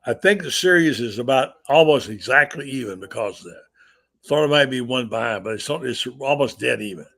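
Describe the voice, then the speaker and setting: Gravelly older sports talk host. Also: male voice, mid-range voice, animated, fairly quick, fairly bright tone. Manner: opinionated, blunt, storytelling. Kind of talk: sports talk radio chat.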